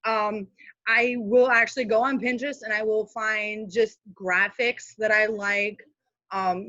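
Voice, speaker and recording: A woman's voice: medium pitch, sharp tone, dry recording. Chatty woman on a dull call line. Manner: chatty, practical, many fillers and asides. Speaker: guest speaker, social media manager. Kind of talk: casual teaching on a live video call. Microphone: video call.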